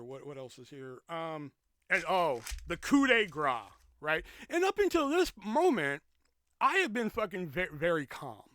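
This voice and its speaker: A podcast host telling a story in a rambling, profane, animated way, in a casual storytelling rant. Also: male voice, high-pitched, no echo. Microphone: podcast mic with pop filter.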